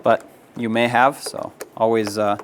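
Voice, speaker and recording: A man's voice: mid-range voice, flat delivery, a little slow, a little hiss or hum. A man narrating a hands-on auto repair tutorial, practical and step-by-step, with casual fillers. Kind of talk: instructional how-to narration.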